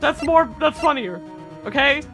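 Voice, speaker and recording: A woman's voice: high-pitched, animated, unhurried, fairly bright tone, soft background music. Playful young woman streamer. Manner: playful, giggly. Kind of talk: casual game stream chat.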